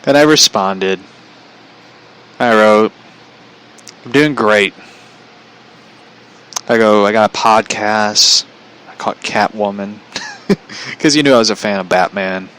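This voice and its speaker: A man's voice: on the low side, slow pace, pauses often, fairly bright tone, clean tone, low-quality recording. Chatty man telling a personal story. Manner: chatty, relays dialogue with "he goes" and "I was like", laughs often.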